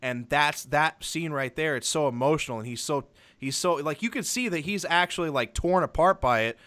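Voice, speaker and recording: A man's voice: on the high side, normal speed, fairly bright tone. A young adult man co-hosting a podcast, rambling through a film review and acting out favorite scenes. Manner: rambling, acts out scenes in retelling. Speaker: podcast co-host. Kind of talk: casual film review chat.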